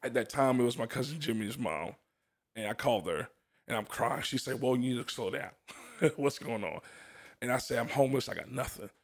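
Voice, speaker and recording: A man's voice: medium pitch, brisk. A young man sharing his personal testimony in a casual chat, telling it earnestly with frequent laughs. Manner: earnest storytelling, laughs often, restarts.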